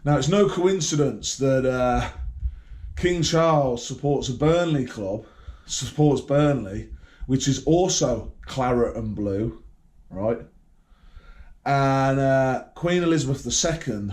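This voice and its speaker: In a mid-range, slightly mellow voice, animated yet measured, a Birmingham man with the local accent vlogs straight to camera. The casual monologue is rambling, profane and combative, with frequent restarts and repeated words.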